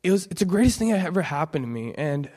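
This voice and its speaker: Earnest young man, halting testimony. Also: fairly high pitch, very animated, darkish tone. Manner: earnest, halting, full of restarts. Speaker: church speaker giving testimony. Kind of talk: personal testimony. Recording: long hall reverb.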